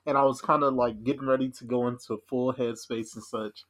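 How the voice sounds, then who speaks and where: A man's voice: mid-range voice, fairly even intonation, brisk, fairly bright tone. A young man in casual podcast chat, sharing anecdotes in an easygoing way. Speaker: podcast co-host.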